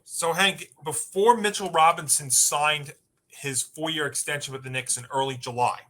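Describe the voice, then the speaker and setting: A man's voice: a little high, fairly even intonation, moderate pace, pushed and bright. A man co-hosting a sports talk podcast, arguing emphatically and rattling off long lists of teams.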